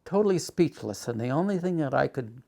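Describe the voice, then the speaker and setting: An older man recounting his life story in a halting, emotional way, acting out old arguments loudly. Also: mid-range voice, lively intonation, gravelly.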